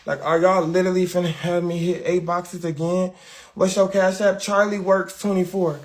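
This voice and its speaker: A man's voice: high voice, steady tone, normal speed. A man hosting a livestream, chatting with viewers in a brash, profane, talkative way. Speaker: livestream host. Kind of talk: casual livestream chat.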